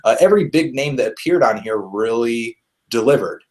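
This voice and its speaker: A man's voice: medium pitch, expressive, normal speed, darkish tone. A man hosting a casual album review discussion, thinking aloud with frequent fillers and restarts. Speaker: music reviewer, host.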